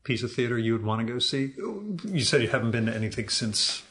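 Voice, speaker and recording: A man's voice: medium pitch, sing-song, fairly quick, fairly bright tone. A man hosting a podcast interview, adding short questions and encouraging interjections. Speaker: podcast host. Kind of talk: casual interview. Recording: echoey room with faint noise.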